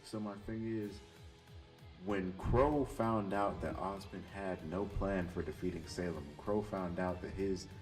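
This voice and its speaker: Earnest low-voiced man, distant mic. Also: a little mellow. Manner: earnest, apologetic, opinionated, with restarts. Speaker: YouTuber discussing a show. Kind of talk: casual commentary vlog. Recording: distant mic with faint background music.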